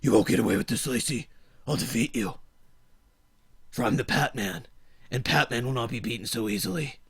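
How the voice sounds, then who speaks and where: A man's voice: medium pitch, a little fast, creaky, a bit bright, breathy edge, voice pushed down, exaggerated voice. A man voicing a defiant male hero who speaks in melodramatic, overblown lines. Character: defiant heroic male video maker.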